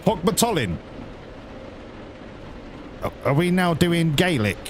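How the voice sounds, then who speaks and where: A man's voice: a little high, very animated, slow, a little hiss or hum. A man streaming a driving game, chatting in sarcastic, sweary banter as he plays. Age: adult, grew up before the 1980s. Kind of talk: live gameplay commentary.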